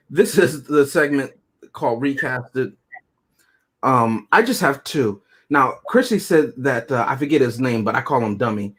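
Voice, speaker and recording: A man's voice: medium pitch, breathy edge. A man co-hosting a casual movie review chat, joking and chuckling often as he talks.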